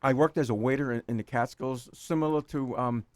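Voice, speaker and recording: A man's voice: mid-range voice, steady tone, brisk, darkish tone, no room sound. A man in his sixties from New York City with a New York accent, rambling as a guest in a casual chat, laughing often and repeating words.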